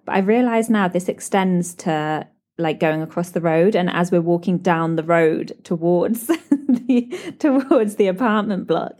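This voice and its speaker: A British woman hosting a podcast, telling animated stories with lots of laughs. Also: lowish voice, unhurried. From Britain. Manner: animated storytelling with frequent laughs and "like". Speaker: podcast host. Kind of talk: chatty solo podcast catch-up.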